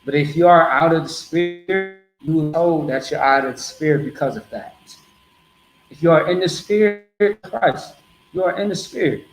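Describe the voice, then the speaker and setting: A man's voice: a little high, normal speed, soft background music. Blunt man preaching, echoey. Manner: blunt, streetwise, repetitive. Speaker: street preacher. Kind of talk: street teaching to a group.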